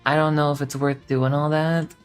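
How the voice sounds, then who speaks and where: A woman streamer with a notably low voice chats casually, rambling and swearing with a sarcastic edge. Faint guitar music plays quietly in the background. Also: flat delivery, moderate pace, clear, resonant tone.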